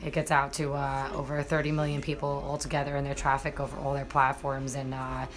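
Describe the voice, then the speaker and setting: A woman's voice: a bass voice, monotone, a little fast. A young woman, chatting casually and cursing as she talks to viewers on a live stream. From New York.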